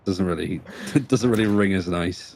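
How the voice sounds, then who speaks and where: A man with a Yorkshire accent giving fast, chatty play-by-play commentary on an esports match. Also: low-pitched, vocal fry, background noise. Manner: quick, animated, chatty with a co-caster. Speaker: esports caster.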